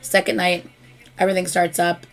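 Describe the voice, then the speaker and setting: Gravelly-voiced woman hosting a chat stream. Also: fairly low pitch, normal speed, soft background music. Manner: excited, swearing storyteller. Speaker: host. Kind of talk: casual live-stream chat.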